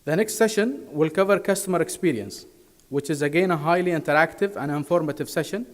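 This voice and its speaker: Formal male host introducing a speaker. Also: on the high side. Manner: reads formally, careful and measured. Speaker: event host. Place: large conference hall. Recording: reverberant hall sound.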